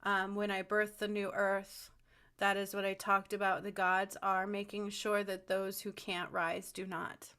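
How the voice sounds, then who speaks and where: A woman's voice: medium pitch, monotone, unhurried, pushed and bright, clean tone. A woman giving a rambling, fervent spiritual monologue to camera, with frequent ums and restarts. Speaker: spiritual channel host.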